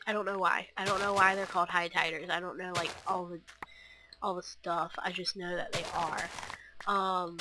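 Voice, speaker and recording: A woman's voice: medium pitch, noisy background. A young woman chatting to camera in a scattered, rambling way, full of fillers and restarts. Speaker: vlogger. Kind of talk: rambling casual chat.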